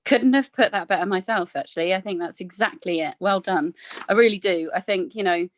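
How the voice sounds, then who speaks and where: A woman's voice: medium pitch, slight background noise. A woman hosting a webinar panel, asking questions in a chatty, encouraging way. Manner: chatty, encouraging, quick praise. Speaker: panel host. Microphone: remote video call.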